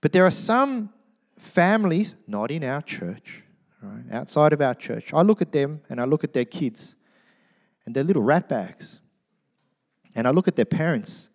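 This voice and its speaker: Brief: middle-aged male pastor, a touch high-pitched, animated joking sermon, drops to quiet asides. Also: measured pace, gravelly, in a large hall. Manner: animated, joking, swings from loud to hushed. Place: church.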